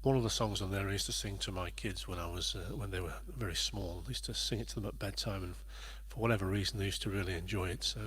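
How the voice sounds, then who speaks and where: A man's voice: deep voice, steady tone, fast, few pauses, fairly bright tone, husky. A man hosting a livestream, chatting casually and rambling a little as he greets viewers by name. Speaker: livestream host and performer.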